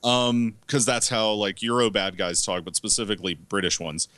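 A man's voice: lowish voice, level tone, moderate pace, a bit bright, no room sound. A man co-hosting a podcast, reviewing movies in casual chat, rambling and swearing with lots of fillers. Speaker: podcast co-host.

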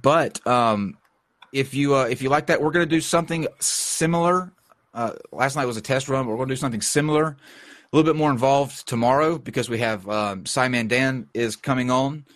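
A man's voice: mid-range voice, brisk, a bit bright, no echo. A man with a stuffy cold hosting a podcast in casual chat, rambling with lots of fillers and restarts. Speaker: podcast host.

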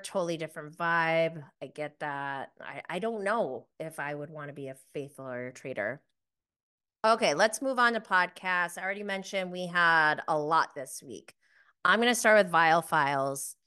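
A woman's voice: lowish voice, pushed and bright, smooth. A woman hosting a casual episode review of a reality show, chatty and gossipy, laughing often as she talks. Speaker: reality TV recap host.

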